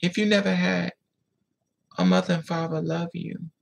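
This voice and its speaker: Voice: medium pitch, level tone, moderate pace, gravelly. A vlogger telling a painful personal story in a blunt, raw way, repeating phrases and swearing freely.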